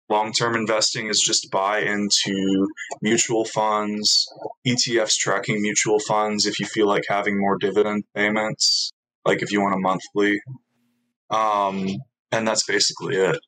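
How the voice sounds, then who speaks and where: A man's voice: lowish voice, a bit bright, low-quality recording. A young man chatting casually in an interview, rambling and self-mocking, filling gaps with ums and little laughs.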